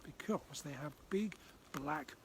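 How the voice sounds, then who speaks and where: A man's voice: fairly high pitch, slow pace, a little hiss or hum. A man voicing a bossy but kind older brother, sounding exasperated. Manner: exasperated, lecturing.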